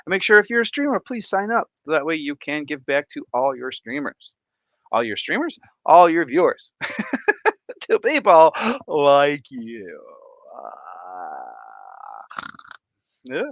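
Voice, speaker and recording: Excitable man reading stream chat. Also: on the high side, normal speed, no room sound, dull audio. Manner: excitable, reacts aloud to viewer comments. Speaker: livestream host. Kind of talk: casual livestream chat reading comments.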